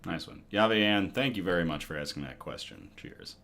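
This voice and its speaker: A man's voice: sits low, animated, normal speed, vocal fry, bright, forceful tone. A man hosting a casual livestream chat, reading viewer comments aloud and laughing often. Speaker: host.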